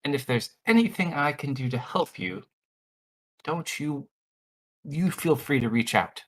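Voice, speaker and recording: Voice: medium pitch, animated, a little slow. Someone doing a secretive royal envoy. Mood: earnest. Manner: soft, hesitant, coaxing. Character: secretive, smooth-talking male envoy of a royal family. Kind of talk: in-character tabletop role-play.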